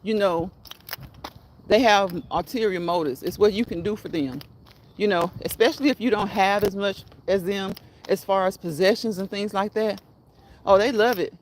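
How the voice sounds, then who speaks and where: A woman's voice: mid-range voice, normal speed, slight background noise. A woman hosting a live stream, chatting casually, repeating her phrases and encouraging her viewers. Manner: repetitive, encouraging, laughs at own phrases. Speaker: livestream host.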